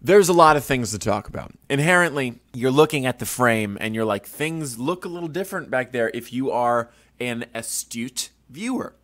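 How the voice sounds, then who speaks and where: A man's voice: medium pitch, expressive, moderate pace, hardly any pauses, fairly bright tone, no room sound. A young man hosting a podcast from his home studio, telling rambling stories with crude, self-mocking jokes. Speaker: podcast host. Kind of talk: casual rambling monologue.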